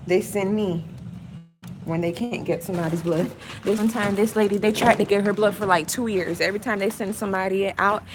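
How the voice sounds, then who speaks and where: A young woman chatting slangily and boastfully on a casual live phone video. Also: medium pitch. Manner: slangy, chatty, self-hyping. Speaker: live-stream host. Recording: noisy with vehicle sounds behind.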